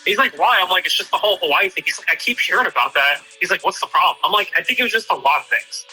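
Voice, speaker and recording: A man's voice: sits high, expressive, quick pace, bright, forceful tone, soft background music, rough recording. A man chatting casually with a friend, retelling a talk hesitantly with lots of fillers and "he's like". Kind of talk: casual chat.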